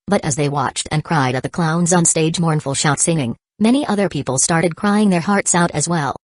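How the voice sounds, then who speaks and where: Low-voiced woman reading an audiobook. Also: normal speed, no room sound. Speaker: audiobook narrator. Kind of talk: scripted narration.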